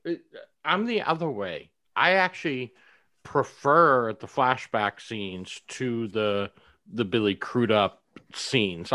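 A man co-hosting a podcast, excitedly praising a film and swearing often. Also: medium pitch, no echo. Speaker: podcast co-host. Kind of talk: casual movie chat.

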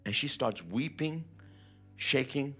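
A man's voice: medium pitch, lively intonation, slow, fairly bright tone, slightly rough, faint music behind. A man preaching a sermon, retelling a personal testimony with vivid, emotional storytelling. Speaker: pastor.

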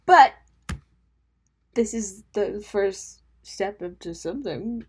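A young woman hosting a solo podcast talks in a husky, slightly mellow mid-range voice with lively intonation, going a little slow. The chat is casual and rambling, full of self-mockery, laughter at her own jokes and mumbled asides.

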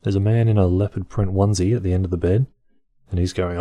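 Male host reading articles aloud with wry offhand jokes; deep, dark voice recorded dry and close. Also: fairly even intonation, a little fast, no room sound. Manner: dry, wry, mildly profane commentary. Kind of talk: casual reading with offhand comedic asides.

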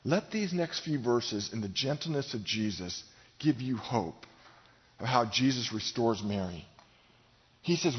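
A man's voice: medium pitch, expressive, a little slow. A middle-aged male pastor preaching a sermon in a large gym, speaking emphatically and directly to his congregation. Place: large gym used for church services. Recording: long hall reverb, dull sound.

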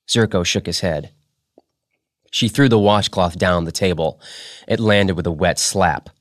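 A podcast host reads fiction aloud in a deep, low voice. His delivery is steady and measured. The recording is dry and close. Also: dry recording.

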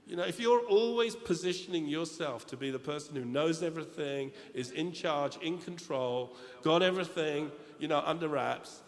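A man's voice: a little high, moderate pace, hardly any pauses. Chatty middle-aged male preacher, echoey hall. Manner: chatty, joking, addresses the congregation. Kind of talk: humorous storytelling sermon. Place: large church hall. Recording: reverberant hall, faint room ambience.

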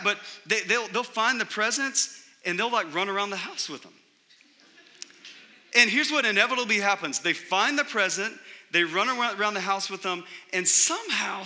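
Middle-aged male pastor, high, bright voice, chatty animated sermon, hall reverb. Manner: conversational, animated preaching with frequent "like" and "right?".

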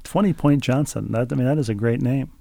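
A man with a gravelly, fry-edged voice co-hosts a chatty podcast. He reads listener mail aloud with dry humor and stumbles over repeated words. His voice sounds close and dry. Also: medium pitch, brisk, warm tone, dry recording. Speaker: podcast co-host. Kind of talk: casual chat, reading listener mail.

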